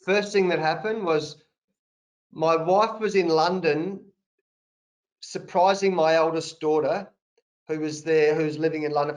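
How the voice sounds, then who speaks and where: A man in his fifties with an Australian accent and a sore throat, telling lively anecdotes full of slang as a guest on a video call. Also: fairly high pitch, low-quality recording. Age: 50s. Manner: animated anecdotes with colloquial slang. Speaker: guest, national cricket coach. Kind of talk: conversational storytelling.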